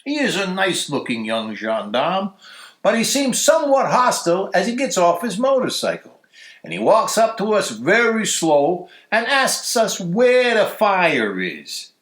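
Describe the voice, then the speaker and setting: A man reading a story aloud for a church story hour, telling it in a lively, expressive way, recorded in a church. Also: sits high, unhurried, roomy sound. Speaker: story reader.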